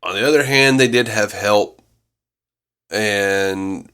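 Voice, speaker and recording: A man's voice: on the low side, takes it slowly, bright, forceful tone, smooth. A man co-hosting a podcast in casual review chat, blunt and mocking, often laughing. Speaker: podcast co-host.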